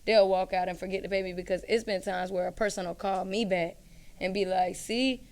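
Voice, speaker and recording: A woman's voice: medium pitch, fairly quick. A young woman barber, telling stories in casual conversation and acting out her clients' lines. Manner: animated storytelling, acts out clients' lines.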